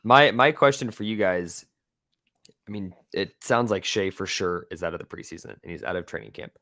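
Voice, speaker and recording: A man's voice: deep voice, animated, normal speed, a bit bright, dry recording, clean studio sound. A man co-hosting a sports podcast, chatting animatedly and putting questions to the others. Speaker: podcast co-host. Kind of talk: casual sports chat.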